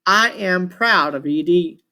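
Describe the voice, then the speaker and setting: A man's voice: high voice, slow, pushed and bright, heavily acted. A man reading aloud as an ancient, scornful male chaos god living in a shulker shell, grumbling and grandiose.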